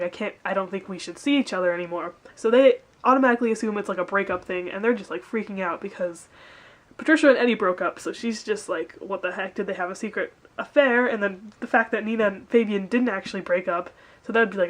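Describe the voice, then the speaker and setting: A woman recapping a TV episode in casual chat, filling her talk with "like" and "kinda". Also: mid-range voice. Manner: chatty, fills with "like" and "kinda".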